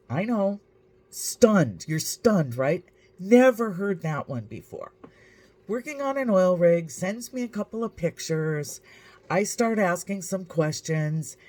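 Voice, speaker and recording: A woman's voice: on the low side, a little mellow. A woman vlogger telling a story to camera in a dry, wry, matter-of-fact way.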